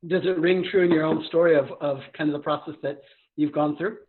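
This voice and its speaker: A man coaching live on a podcast, talking a million miles an hour. His voice sits a little high, and it comes through a narrow, tinny remote line. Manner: fast, energetic, talks a million miles an hour.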